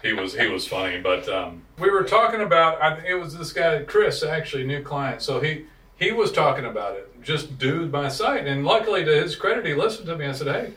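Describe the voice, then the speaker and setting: A man's voice: a little high, big pitch swings, brisk, sharp tone, roomy sound, recorded from a distance. A man co-hosting a casual podcast chat, blunt and profane, rambling through stories about clients. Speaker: podcast co-host, digital marketing business owner.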